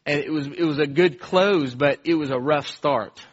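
A man's voice: on the high side, normal speed, highs cut off. A man preaching a conversational sermon, telling stories earnestly with frequent restarts and repeated words. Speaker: pastor.

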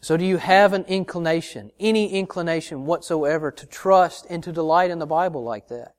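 Calling his listeners brothers and sisters, this male pastor drives his sermon forward with earnest rhetorical questions. He speaks a little fast, and his voice runs on the high side.

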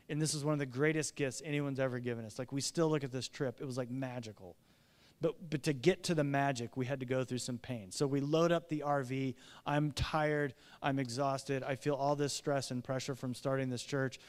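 A man's voice: medium pitch, moderate pace, smooth. Midwestern male pastor, confessional storyteller, resonant tone, church reverb. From American Midwest. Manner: earnest, confessional, animated storytelling. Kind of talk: sermon.

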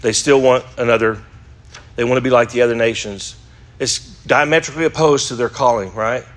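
A man's voice: medium pitch, brisk. Man teaching a Bible class. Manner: reads scripture aloud, asks the class rhetorical questions. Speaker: Sunday school teacher.

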